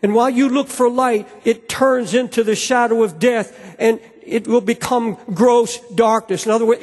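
A man's voice: very high-pitched, normal speed, breathy edge. A man preaching a sermon as pastor, earnest and fervent, often restarting his phrases. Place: church sanctuary. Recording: long hall reverb.

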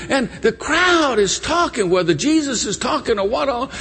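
A man preaching a storytelling sermon, animated and emotional as he retells a story. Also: extremely high pitch, moderate pace, few pauses, slightly rough. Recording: long church reverb.

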